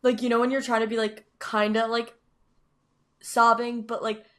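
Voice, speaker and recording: A woman's voice: on the high side, little pitch movement, normal speed, a bit bright. A young woman co-hosting a podcast in casual chat, gushing and filling her talk with "like". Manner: gushing, heavy use of "like". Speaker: podcast co-host.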